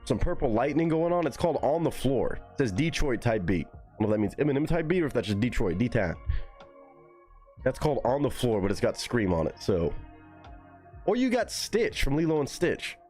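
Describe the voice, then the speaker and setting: A man's voice: medium pitch, sing-song, fairly quick, warm tone, faint music behind. A young man chatting casually on a live stream, loose and profane, musing aloud as he goes.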